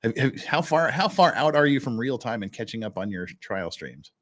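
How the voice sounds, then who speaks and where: A man's voice: medium pitch, lively intonation, moderate pace. Chatty joking livestream host man. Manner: joking, chatty, frequent restarts. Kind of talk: casual livestream commentary.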